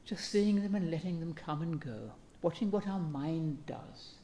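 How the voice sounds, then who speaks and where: A woman, an abbess, giving a calm and gentle dharma talk, speaking in an unhurried way with reflective pauses. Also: deep voice, slight background noise.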